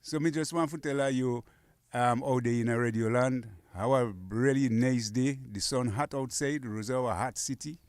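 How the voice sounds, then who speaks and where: Appearing as a guest in a radio studio, a man casually teaches phrases of the Kokoy dialect and patiently says each one again. His medium-pitched, darkish voice runs at normal speed, with clean studio sound and no echo.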